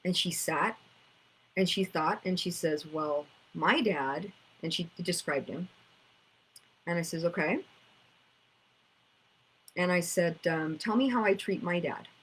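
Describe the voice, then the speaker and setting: A woman's voice: on the low side, slow, long pauses, fairly bright tone, husky, rough recording. A woman, teaching about inner child work in a casual storytelling way, acting out conversations. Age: 50s.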